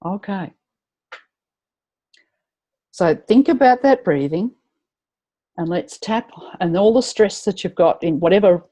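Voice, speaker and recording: Warm, husky woman coaching a webinar. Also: fairly low pitch. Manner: chatty, encouraging, reads out attendee comments. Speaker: tapping coach leading a webinar. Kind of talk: guided live webinar instruction.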